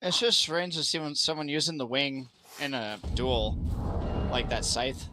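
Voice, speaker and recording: A man's voice: mid-range voice, steady tone, a little slow, background noise. Laid-back rambling male game streamer. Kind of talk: casual gaming stream chat.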